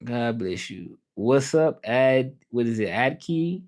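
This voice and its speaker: A man's voice: mid-range voice, animated, takes it slowly, darkish tone. Southern guy from tennessee doing a laid-back livestream, answering chat as it comes in. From Tennessee, USA. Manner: chatty, reads viewer comments aloud and answers them. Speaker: livestream host and interpreter.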